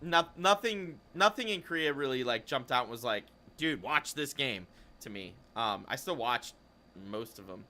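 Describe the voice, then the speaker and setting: Bright-voiced man hosting a gaming podcast. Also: mid-range voice, moderate pace. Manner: rambling, self-interrupting, chatty. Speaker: podcast host. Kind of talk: casual esports podcast chat.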